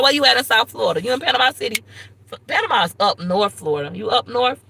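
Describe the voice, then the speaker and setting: A woman chats casually on her live stream, talking straight to her viewers in slang. Her voice is bright and forceful. She gushes with thanks and breaks into excited shrieks. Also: on the high side, fast, vocal fry, a little hiss or hum, low-quality recording. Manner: slangy, chatty, talks straight to viewers as "y'all". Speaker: YouTuber hosting a live stream.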